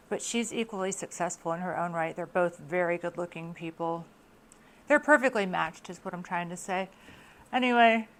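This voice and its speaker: A middle-aged woman vlogger chatting to camera in a casual, expressive monologue, laughing often. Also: on the low side.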